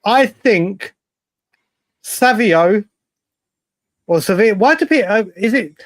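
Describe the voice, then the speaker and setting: English man, casual podcast co-host, high voice, chatty and emphatic, repeats himself. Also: animated, moderate pace, dry recording. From England. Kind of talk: casual chat.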